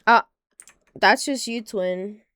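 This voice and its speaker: A woman streaming a game, chatting casually and getting excitable, repeating exclamations and humming to herself. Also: medium pitch, slow pace, dry recording, clean studio sound. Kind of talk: casual gaming stream chat.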